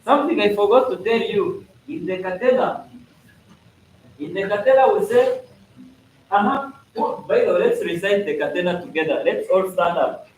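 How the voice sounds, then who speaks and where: His voice is high-pitched and darkish in tone, with lively intonation and a moderate pace. At a school congress he teaches students procedures interactively, repeatedly asking "are we together?" while joking and acting out playful examples. A distant mic captures him in an echoey hall, with some noise.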